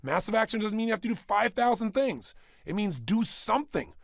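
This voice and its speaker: In a studio with a small audience, a motivational speaker delivers a workshop talk in a high, gravelly voice with lively intonation. There is no room sound. He speaks emphatically, repeats phrases, and shoots off one rhetorical question after another.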